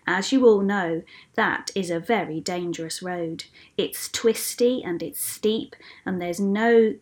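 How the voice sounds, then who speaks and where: A woman teacher reading a Bible story aloud in a clear, expressive storytelling voice. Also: mid-range voice. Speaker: school teacher.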